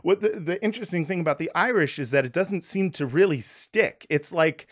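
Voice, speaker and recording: A man hosting a casual podcast chat, talking in loose, rambling stretches full of fillers. His voice sits a little high for a man, and he breaks into laughter easily. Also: a little fast. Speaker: podcast host. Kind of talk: casual conversation.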